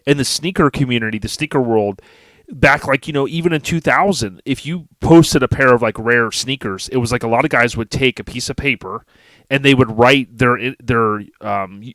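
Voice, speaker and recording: A man's voice: medium pitch, normal speed, fairly bright tone, dry recording. A man co-hosting a podcast in casual chat, joking and laughing easily as he tells stories. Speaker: podcast co-host.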